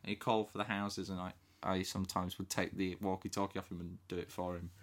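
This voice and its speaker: A man's voice: deep voice, level tone, fast. A man from England co-hosting a casual podcast, telling school stories with plenty of laughter and impressions. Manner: storytelling, laughs often, does impressions. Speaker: podcast co-host. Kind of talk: casual chat.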